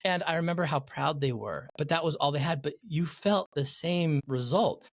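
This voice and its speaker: A man hosting a podcast interview, an animated storyteller who acts out the people he quotes. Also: a little high, moderate pace, no room sound. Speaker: podcast host.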